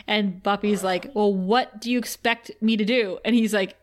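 A woman's voice: medium pitch, moderate pace, hardly any pauses. A woman co-hosting a podcast, retelling scenes in casual chat and laughing often. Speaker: podcast co-host.

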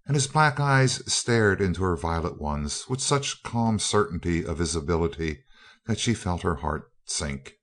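Deep-voiced man narrating a novel. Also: lively intonation, measured pace, a bit bright. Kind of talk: audiobook narration.

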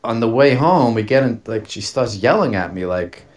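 A man's voice: medium pitch, lively intonation, normal speed, background noise. A man casually telling a personal story on a podcast, swearing freely and laughing as he talks. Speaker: podcast host.

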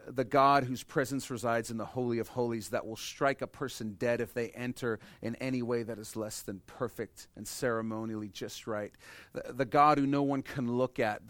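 A man in his thirties delivers a sermon as a pastor, at a middle pitch with a dry, close sound. He swings from loud, emphatic bursts down to soft, intimate stretches. He sounds like a regular preacher speaking to his congregation. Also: dry recording.

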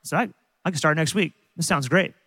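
A man preaching a sermon as a pastor, telling stories in an animated way with frequent restarts. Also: on the high side, a little fast, slightly rough. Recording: long hall reverb.

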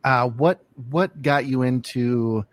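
A man's voice: medium pitch, takes it slowly. Guy hosting a chat show, lots of ums and restarts, just regular mid voice. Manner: hesitant, lots of fillers and restarts. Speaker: podcast host. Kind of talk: casual interview chat.

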